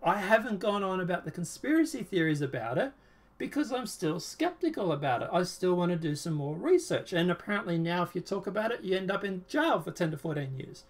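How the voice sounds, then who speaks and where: A man's voice: high voice, big pitch swings, brisk. A man hosting a casual political chat show, talking in a rambling, sarcastic, emphatic way. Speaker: show host.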